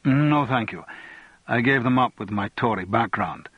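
A man playing a relaxed, clubbable young politician who teases easily. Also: medium pitch, moderate pace, husky, dry recording, phone-quality sound, natural voice. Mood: teasing. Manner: relaxed, teasing.

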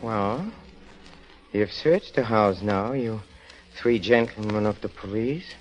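An actor playing a guilt-crazed murderer in a 1940s radio drama, stammering, giggling nervously and pleading with the police. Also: male voice, on the low side, slow pace, over music, poor audio. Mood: uneasy. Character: guilt-crazed middle-aged man, nervous, unravelling murderer. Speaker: guest actor.

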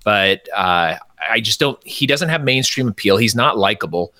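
Bright-voiced man rambling in casual chat. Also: lowish voice, animated, normal speed, dry recording, clean studio sound. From United States. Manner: rambling, opinionated, many restarts. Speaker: podcast guest.

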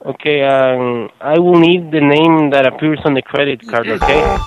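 A man's voice: a little high, steady tone, moderate pace, creaky, no room sound, rough recording. A man working as a call center agent who stays polite, formal and patient. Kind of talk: customer service phone call.

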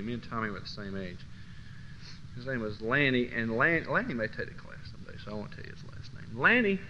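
A man teaching a Christian class through personal storytelling, swinging from low murmurs to loud bursts. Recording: dull lo-fi recording with faint hiss.

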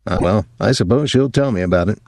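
A man's voice: lowish voice, lively intonation, fast, darkish tone, no room sound, clean studio sound. A man voicing a short, hearty husband who talks in a breezy, jovial way.

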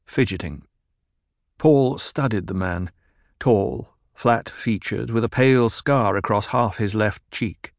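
A man narrating an audiobook in a measured, dramatic reading. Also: on the low side, dry recording, clean studio sound.

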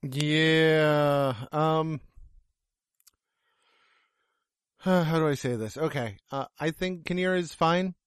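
Man, high-pitched voice, casual film chat, blunt and sweary, dry close sound. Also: very slow, pauses often, clear, resonant tone, no room sound. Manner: blunt, profane, sarcastic. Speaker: film reviewer. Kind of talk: casual movie review chat.

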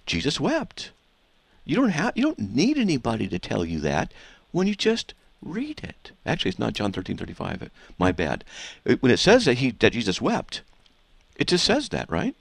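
A man's voice: medium pitch, wildly swooping pitch, normal speed, creaky, husky, no room sound. A man hosting a call-in radio debate who presses a caller with repeated questions and cuts in often. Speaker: radio host.

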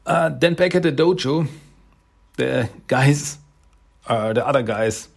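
A man talks through a comic with plenty of enthusiasm, stopping often on fillers. His voice sits at an ordinary pitch, with a gravelly, creaky edge and a husky, breathy grain. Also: slow pace. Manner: enthusiastic, hesitant with many fillers. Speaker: comic reviewer. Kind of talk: casual comic read-through.

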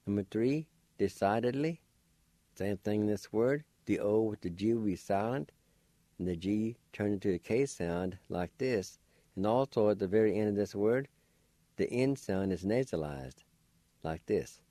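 A man's voice: fairly low pitch, animated, measured pace, warm tone, dry recording. A man hosting a radio language lesson, patiently spelling out words syllable by syllable and explaining how to pronounce them. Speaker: language teacher and radio host. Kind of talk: slow spelling and pronunciation lesson.

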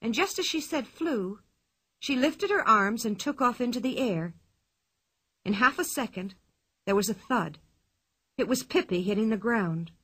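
A woman narrating a children's storybook with expressive telling. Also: a little high, moderate pace, long pauses, slightly rough. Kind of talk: storybook reading.

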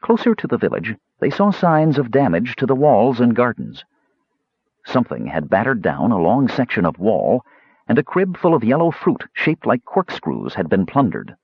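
A man reading fantasy fiction aloud as an audiobook narrator, steady storytelling with varied voices. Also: medium pitch, moderate pace, husky, no room sound, dull audio. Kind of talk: scripted narration.

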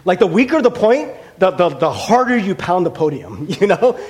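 A male pastor preaching a sermon in a conversational, animated way, with frequent laughs and fillers. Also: high voice, normal speed, husky.

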